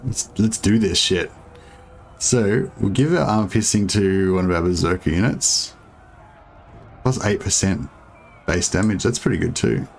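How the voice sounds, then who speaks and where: Young aussie streamer guy, low voice, rambly and hesitant commentary. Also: measured pace, vocal fry, pauses often, a little hiss or hum. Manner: rambling, hesitant, many fillers, chuckles. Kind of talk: casual gameplay commentary.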